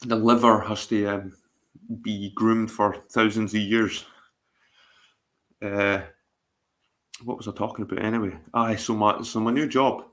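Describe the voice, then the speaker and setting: A man's voice: lowish voice, steady tone, measured pace, pauses often, fairly bright tone. A middle-aged Scottish man chatting casually on his livestream, rambling, swearing and repeating himself. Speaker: livestream host.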